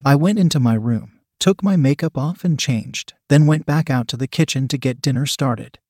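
A man reading a first-person story aloud in an even, measured narration. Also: mid-range voice, dry recording, studio quality. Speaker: audiobook narrator.

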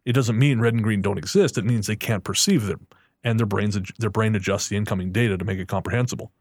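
A man's voice: fairly low pitch, quick pace, no echo, studio quality. A man co-hosting a podcast, reasoning aloud and chatting casually. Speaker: podcast co-host. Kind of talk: casual chat.

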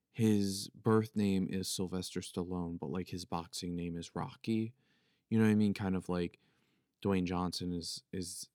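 A man's voice: low voice, vocal fry, darkish tone, dry recording, studio quality. A man with a Philadelphia accent hosting a casual solo podcast, rambling and joking as he mushes his consonants together. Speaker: podcast host. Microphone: podcast microphone.

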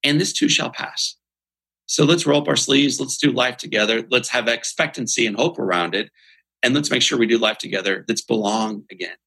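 A man's voice: mid-range voice, a little fast, gravelly, pushed and bright, breathy edge, rough recording. A man, a guest on a podcast, giving motivational interview talk in an earnest, emphatic, almost preacher-like way.

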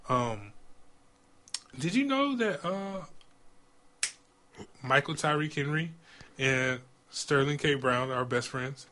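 A man's voice: a little high, lively intonation, slow pace, pauses often, bright, forceful tone. Chatty, enthusiastic man podcast host. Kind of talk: casual chat.

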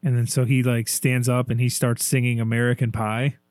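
A man's voice: mid-range voice, flat delivery, a little fast, a little mellow, dry recording, studio quality. A man chatting casually as co-host, enthusiastic and acting out quoted lines from scenes. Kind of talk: casual chat.

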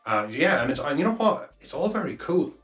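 A man's voice: on the high side, very animated, a little fast, a bit bright. A man co-hosting a casual film review podcast, rambling with many restarts and the odd swear. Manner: rambling, self-interrupting, swearing. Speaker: podcast co-host.

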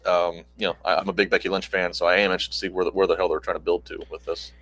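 Fast-talking low-voiced man. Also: level tone, fairly bright tone, no room sound, low-quality recording. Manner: quick, halting, many restarts. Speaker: wrestling podcast co-host. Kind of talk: casual chat.

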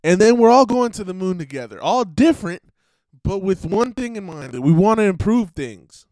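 Profane male streamer with a slightly raised pitch and a dry close sound, rambling and blunt. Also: big pitch swings, normal speed, a little mellow, no room sound, rough recording. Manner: blunt, profane, laughs between rambling asides.

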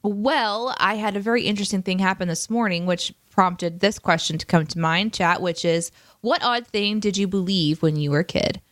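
A woman's voice: mid-range voice, normal speed, hardly any pauses, no echo. Laughing woman podcast co-host, dry sound. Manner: laughs easily, reads out chat comments. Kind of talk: casual livestream chat.

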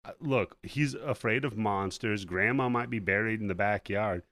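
Young guy podcast host, lowish voice, dry sound, doing little character voices as he retells the plot. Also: normal speed, no echo. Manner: animated retelling with quoted voices. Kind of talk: casual movie recap chat.

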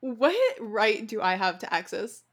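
A woman's voice: medium pitch, a little slow. A young woman, co-hosting a podcast and telling a story with lots of feeling and frequent laughs. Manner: animated storytelling, laughs often, emotional. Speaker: podcast co-host. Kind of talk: casual chat.

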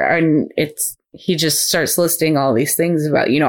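A woman's voice: deep voice, normal speed, few pauses. A woman co-hosting a casual comedy podcast, brainstorming a movie plot and slipping into acted character voices. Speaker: podcast co-host.

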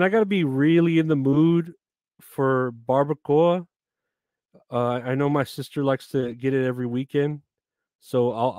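A man's voice: medium pitch, a little mellow, clear, resonant tone, no echo, studio quality. Laid-back man chatting on a live stream. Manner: laid-back, rambling, swears often, reads out chat names. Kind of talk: casual live-stream chat.

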